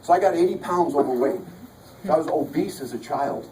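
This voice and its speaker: His fairly high voice has a dark tone and a brisk delivery as he gives an emphatic motivational talk about his life, returning to key lines again and again. The large event hall echoes, and the distant mic adds a little hiss or hum.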